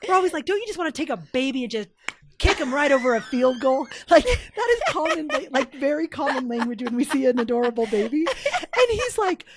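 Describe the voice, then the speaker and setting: A woman co-hosting a casual podcast chat, an animated storyteller who laughs often. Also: high-pitched, fast, very noisy. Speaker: podcast co-host.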